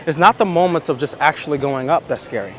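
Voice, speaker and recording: A man talking as a dating coach, slow and emphatic, repeating his points in a reflective monologue. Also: on the high side, lively intonation, a bit bright, soft background music.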